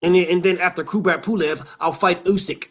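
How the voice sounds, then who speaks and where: A man's voice: high-pitched, steady tone, fairly quick, fairly bright tone. A man doing a mocking impression of a boastful male heavyweight boxer who whines about fight terms and acts haughty.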